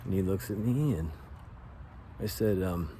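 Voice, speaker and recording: A man in his forties with a lowish voice tells a story straight to his viewers. He speaks earnestly and haltingly, doubling back on his words. A faint hiss sits under the recording. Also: mellow. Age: 40s. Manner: earnest, halting, restarts often. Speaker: vlogger sharing a personal story. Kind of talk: casual confessional storytelling.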